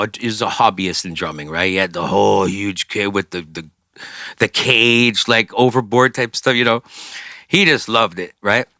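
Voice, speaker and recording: A man's voice: lowish voice, bright, forceful tone, dry recording, studio quality. A man being interviewed as a rock singer, rambling through casual stories and swearing often. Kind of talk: casual storytelling.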